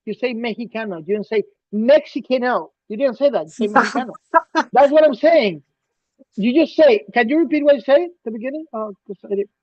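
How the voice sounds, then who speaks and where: A man co-hosting a casual podcast, emphatic and ranting, swinging between loud bursts and quiet asides. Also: extremely high pitch, quick pace, dry recording. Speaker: podcast co-host. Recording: dull, dry lo-fi sound.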